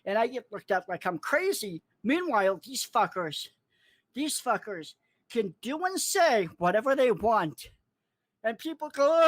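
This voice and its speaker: A man in a furious, profanity-laden livestream rant, cursing, threatening and mocking people in a squeaky put-on voice. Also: big pitch swings, a little slow, dry recording. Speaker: online commentator.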